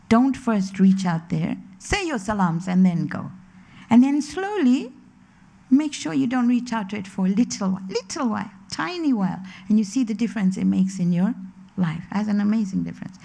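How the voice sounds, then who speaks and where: A woman's voice: fairly high pitch, expressive, normal speed, vocal fry, darkish tone. A middle-aged woman giving a religious lecture to a women's gathering, chatty and anecdotal, mixing in stories and quoted voices. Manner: conversational, anecdotal, with quoted voices and Arabic recitation. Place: community centre lecture hall.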